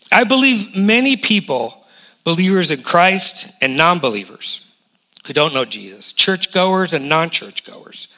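A man in his forties preaching a lively sermon as a guest pastor, emphatic and full of rhetorical questions. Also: high-pitched. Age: 40s.

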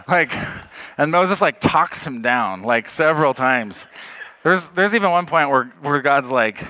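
A man's voice: on the high side, lively intonation, moderate pace, bright, forceful tone, dry recording. A man preaching a sermon in a conversational way, often chuckling and saying "like".

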